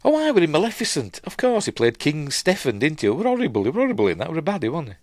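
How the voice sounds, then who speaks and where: A man's voice: fairly high pitch, huge pitch swings, rapid-fire, dry recording, clean studio sound. A middle-aged man with a Yorkshire accent, casually recapping and reviewing a film in a rambling, chatty way full of fillers and asides.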